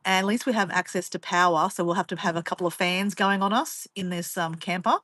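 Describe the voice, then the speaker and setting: Bright-voiced Australian woman, chatty vlogger. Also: lowish voice, steady tone, a little fast, dry recording. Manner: rambling, chatty, laughs often, teasing. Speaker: vlogger reading viewer comments. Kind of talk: casual live chat.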